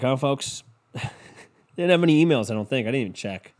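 In a mid-range voice and at a moderate pace, a solo podcast host rants casually. He's profane and animated, swearing heavily and mocking others through impressions.

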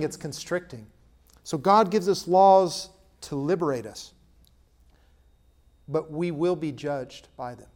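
A man preaching a sermon as pastor, swinging between loud punchy stresses and low, quiet asides.

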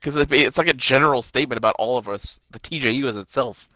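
A man co-hosting a podcast, talking fast, exasperated and swearing in casual banter. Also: mid-range voice, bright, forceful tone, dry recording. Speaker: podcast co-host.

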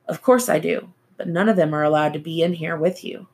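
Woman voicing a gentle male ex-cop. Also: deep voice, a little fast, breathy edge. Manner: soft, steady, coaxing.

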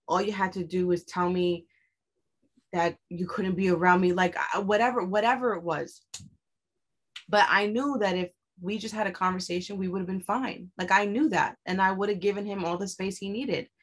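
A woman's voice: mid-range voice, fairly even intonation, moderate pace. A young adult woman telling a personal story in a candid, blunt way, swearing often and pressing her points with emphasis.

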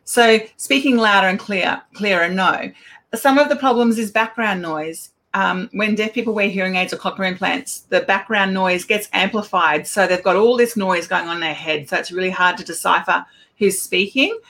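A middle-aged woman, an Auslan educator giving a casual talk with lively anecdotes and acted-out exchanges. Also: mid-range voice, moderate pace. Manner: animated storyteller, acts out quoted exchanges.

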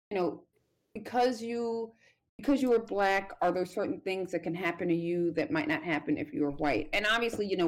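An American woman with a somewhat low voice explains things patiently as a guest doctor on a podcast. She talks in a measured, hedging way, filling pauses with frequent ums. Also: a little mellow. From United States. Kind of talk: explanatory interview answers.

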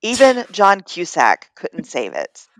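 A woman's voice: lowish voice, wildly swooping pitch, slow pace. A woman co-hosting a podcast, bluntly and teasingly arguing about movies in casual chat. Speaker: podcast co-host.

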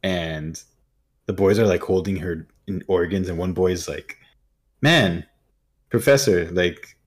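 A man with a very deep voice chats casually as a podcast co-host. He drops in wry, joking comments. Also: little pitch movement, a little slow, darkish tone. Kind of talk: casual chat.

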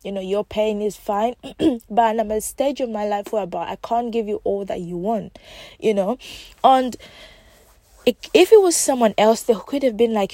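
A woman's voice: medium pitch, normal speed, mellow, no echo. A woman hosting her own podcast as a life coach, speaking straight to her listeners in an encouraging way and repeating her key points. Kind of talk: casual solo podcast talk.

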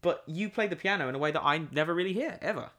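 A man's voice: on the high side, racing. A young man, co-hosting a podcast in casual chat, telling stories with swearing and laughter. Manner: animated storyteller, swears casually, laughs a lot. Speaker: podcast co-host.

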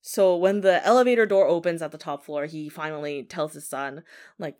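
A woman tells a ghost story in a relaxed, conversational way. She often says 'like' as she talks. Her voice sits a little low. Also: moderate pace. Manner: chatty, filler 'like' often. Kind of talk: casual spoken ghost story.

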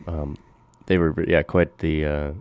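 Male co-host, very low voice, dry close sound; loose, sweary banter. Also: level tone, a little mellow, no room sound. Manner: profane, joking, quick history asides with silly voices. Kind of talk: casual chat.

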